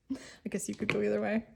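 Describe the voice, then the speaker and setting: A woman chatting excitedly in a casual vlog about nail art, filling her talk with "like" and "um.". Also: medium pitch, gravelly, a little hiss or hum. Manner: bubbly, enthusiastic, lots of "like" and "um".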